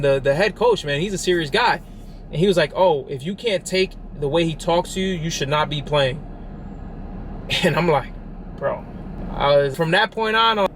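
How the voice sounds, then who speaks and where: Young man telling a story, slightly high voice. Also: slight background noise. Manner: animated, frank, swears casually, repeats words when worked up. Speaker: fitness vlogger. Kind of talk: casual storytelling monologue. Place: in a car.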